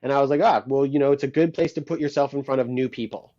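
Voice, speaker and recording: Quick-talking man on a dull lo-fi line. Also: medium pitch. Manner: animated, acts out quoted dialogue, swears casually. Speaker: guest musician, guitarist and producer. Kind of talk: casual interview storytelling. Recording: dull lo-fi sound.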